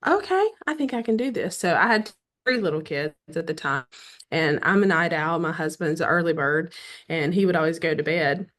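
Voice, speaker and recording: A middle-aged woman from the American South with a Southern accent, telling the story of how she became a romance author in a casual interview, acting out quoted dialogue and often clearing her throat. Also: sits low, animated, normal speed, a bit bright.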